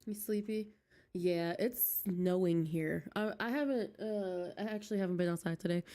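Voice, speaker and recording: With a fairly low pitch, dark tone, and moderate pace, a woman streams a game from home, close to a desk mic. She chats casually with her viewers, giggles, and laughs often as she talks to chat.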